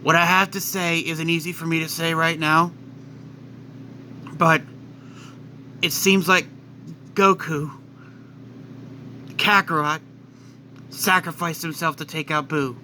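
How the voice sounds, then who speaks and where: A proud male warrior prince, voiced by a man, speaking gravely and bluntly. His voice has a bright, edgy timbre over a faint noise. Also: fairly high pitch, fairly even intonation, takes it slowly, pauses often, full character voice.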